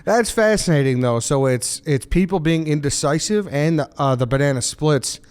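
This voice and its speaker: A man's voice: on the high side, normal speed, a little mellow, clear, resonant tone. Easygoing man hosting a podcast. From Midwest. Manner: easygoing, encouraging questioner. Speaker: podcast host. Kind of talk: casual podcast interview.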